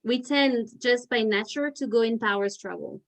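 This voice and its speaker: A woman's voice: a little high, normal speed, vocal fry, low-quality recording. A woman teacher leading a parent education session over a video call, talking in a chatty, filler-heavy way. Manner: chatty, with many "like" fillers and restarts. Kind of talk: casual explanatory talk.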